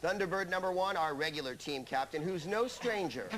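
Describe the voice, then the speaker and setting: A man's voice: high-pitched, expressive, fairly quick. A man hosting a comic quiz show, delivering scripted jokes with a wry punchline style. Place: TV studio with a live audience. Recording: broadcast studio with loud audience noise.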